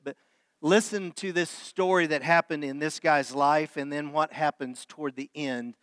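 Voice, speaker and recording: A man's voice: a little high, fairly even intonation, a little slow, fairly bright tone, clean tone, dry recording. A middle-aged man who is a pastor, preaching a sermon and reading a story aloud in an earnest way that builds in intensity. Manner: earnest, rising in intensity during dramatic passages.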